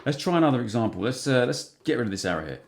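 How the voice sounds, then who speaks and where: A man teaching guitar strumming patterns, relaxed and counting beats aloud as he plays. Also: medium pitch, very fast. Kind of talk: instructional guitar lesson. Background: acoustic guitar strumming.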